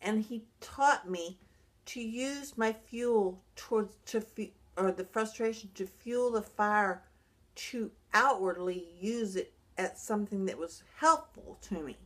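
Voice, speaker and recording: A middle-aged woman, a brain injury survivor, talking earnestly about her recovery in a halting way, often restarting her sentences. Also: medium pitch, fairly bright tone. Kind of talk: personal vlog monologue.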